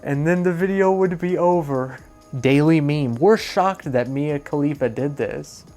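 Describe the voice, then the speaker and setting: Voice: mid-range voice, measured pace, darkish tone, soft background music. Rambling sarcastic commentary vlogger. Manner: rambling, sarcastic, swears freely, self-deprecating. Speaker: commentary YouTuber. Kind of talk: casual reaction commentary.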